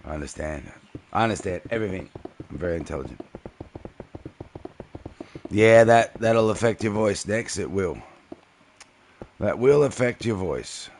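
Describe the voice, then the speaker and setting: A man's voice: lowish voice, expressive, a little slow, pauses often, darkish tone, a little hiss or hum. A young man streaming a game, chatting casually and answering viewers' messages by name. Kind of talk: casual live-stream chat while gaming.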